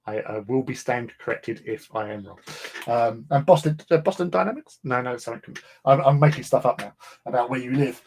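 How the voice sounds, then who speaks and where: A man's voice: medium pitch, a little fast, gravelly, darkish tone, slight background noise. An English man hosting a livestream, chatting casually in a rambling way with lots of ums and restarts. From England. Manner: rambling, chatty, many fillers. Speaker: livestream host. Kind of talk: casual chat.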